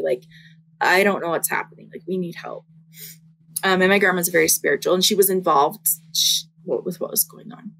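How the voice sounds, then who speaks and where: A young woman sharing a personal faith testimony in casual conversation, earnest and halting, with many fillers. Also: mid-range voice, creaky, slight background noise, rough recording.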